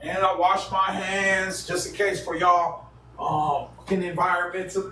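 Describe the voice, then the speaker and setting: Livestream host, male, high-pitched, blunt and foul-mouthed, casual rant, faint background noise. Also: measured pace. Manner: profane, blunt and animated.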